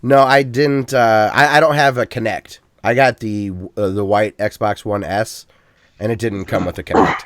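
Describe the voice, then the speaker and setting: A man hosting a casual gaming podcast, talking in an easygoing, halting way with frequent restarts. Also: fairly low pitch, fairly even intonation, a bit bright, no echo, studio quality. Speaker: podcast host.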